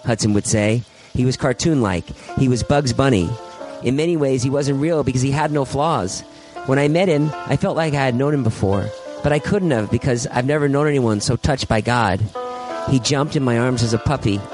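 A man's voice: mid-range voice, normal speed, over music, rough recording. A man, a guest on a podcast, reading his own poem aloud in an earnest, wry way. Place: home man cave.

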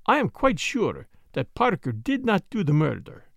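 A man's voice: high voice, wildly swooping pitch, a little slow, no echo, clean studio sound, heavily acted. A man reading as a grave, shrewd little detective. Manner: grave, soft-spoken. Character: small, grave, quietly shrewd male detective.

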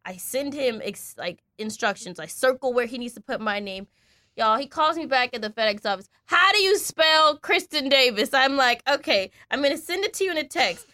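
A woman co-hosting a podcast, telling a story in a casual, animated way, acting out the voices of the people in it and swearing freely. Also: a little high, a little fast, dry recording, studio quality. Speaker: podcast co-host.

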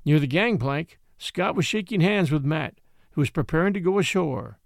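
A man narrating a classic adventure novel in an expressive storytelling style. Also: a little high, moderate pace, vocal fry, no room sound, studio quality. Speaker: audiobook narrator.

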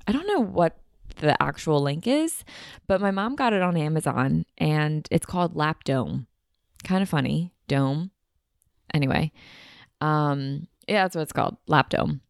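A woman's voice: lowish voice, unhurried, vocal fry, no room sound, clean studio sound. A young woman hosting her own podcast, chatting casually in a bubbly, rambling way from a beach house. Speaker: podcast host. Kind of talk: casual chat.

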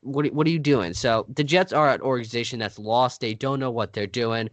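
A man's voice: mid-range voice, brisk, dry recording. A man co-hosting a podcast in casual sports chat, making his points emphatically and firmly. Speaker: podcast co-host.

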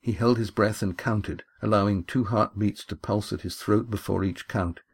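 A man reading his own adventure novel aloud in a measured, steady storytelling manner. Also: on the low side, slightly rough. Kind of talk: audiobook narration.

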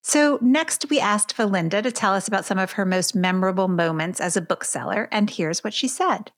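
A woman's voice: mid-range voice, a little fast. A woman hosting a casual interview, introducing segments and laughing easily. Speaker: podcast host.

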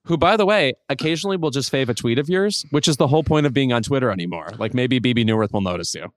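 A man with a mid-range voice co-hosts a chatty podcast. His recording is close and dry, with no room sound. He drops wry, deadpan asides as he goes. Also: mid-range voice, quick pace, no echo. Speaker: podcast co-host. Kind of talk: casual pop culture chat.

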